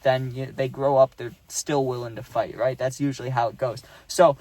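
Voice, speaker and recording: Speaking at a normal speed with a medium-pitched voice and no echo, a young man rambles through a casual storytime. He keeps saying "dude" and "right?" and puts on animated voices for the quotes.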